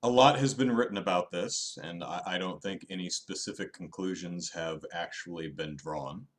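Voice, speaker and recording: Male host, low voice, offhand live-stream review, wry, self-deprecating, animated in spurts. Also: normal speed. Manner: frequent restarts and fillers, animated bursts.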